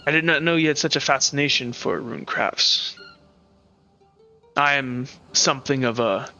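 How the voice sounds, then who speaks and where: A man voicing a haughty masked male spirit who speaks stiffly and formally, slow and measured. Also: medium pitch, pushed and bright, dull audio, faint music behind. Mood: lecturing.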